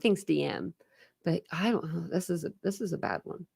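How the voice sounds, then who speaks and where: This true crime live-streamer, an adult with a young son, has a lowish, darkish voice with vocal fry and a breathy edge, speaking at a moderate pace. She reads court documents and pauses for openly upset, rambling reactions thick with "like" and restarts. The recording is dry and cleanly studio-made.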